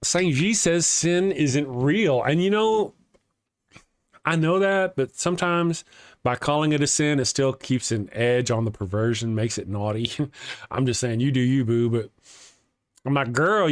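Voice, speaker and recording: A man's voice: medium pitch, measured pace, no echo, studio quality. A man with a Texas accent hosting a casual atheist morning livestream. He rambles, chuckles often and restarts his sentences while reading viewer comments.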